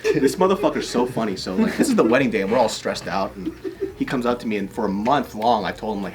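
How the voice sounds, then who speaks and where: A man's voice: mid-range voice, lively intonation, fast, heavy background noise. A man in his thirties telling stories in casual chat as a podcast co-host, profane and often laughing.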